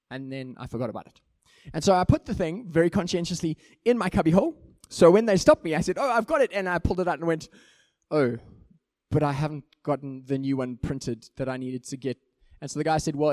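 A man's voice: fairly high pitch, no room sound, clean studio sound. A male pastor with a South African accent, telling a story in a sermon and acting out the lines of each person in it. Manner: animated, acts out each character in the anecdote.

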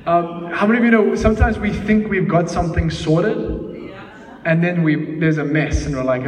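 A man in his thirties preaching a sermon, lively and laughing as he tells family stories. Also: high voice, brisk, a crowd in the background. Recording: echoey hall, mic at a distance.

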